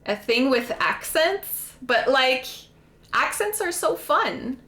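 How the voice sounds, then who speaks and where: Bright-voiced Québécoise streamer chatting slowly. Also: female voice, high voice. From Quebec, Canada. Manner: chatty, animated, many fillers. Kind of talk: casual chat while gaming.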